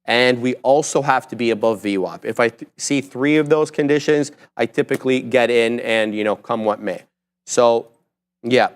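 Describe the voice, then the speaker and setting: Smooth-voiced man calling live trades. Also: mid-range voice. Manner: brisk, self-mocking trader banter. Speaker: live trading show host. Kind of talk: live market commentary.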